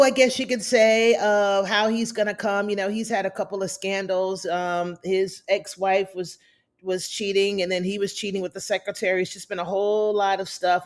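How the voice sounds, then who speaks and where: A woman giving a casual, opinionated recap of a TV episode and talking straight to her viewers. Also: mid-range voice. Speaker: TV recap reviewer.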